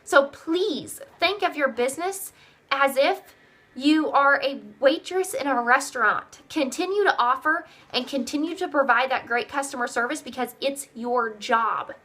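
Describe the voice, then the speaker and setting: The young direct sales team leader trains her team in an upbeat, repetitive way, voicing customers' replies loudly. Her high-pitched voice sounds pushed and bright, and her pace is measured.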